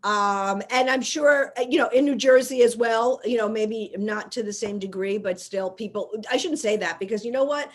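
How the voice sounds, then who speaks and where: A talkative woman host from New York, pitched a little high, chatting loosely and breaking into laughter. She rambles through her points in a relaxed interview. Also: normal speed, hardly any pauses. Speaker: podcast host. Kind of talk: casual interview chat.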